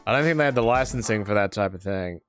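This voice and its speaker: A man's voice: fairly low pitch, animated, quick pace, a bit bright, faint music behind. A man streaming a racing game, talking to himself in a sarcastic, self-deprecating way. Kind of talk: casual gameplay commentary.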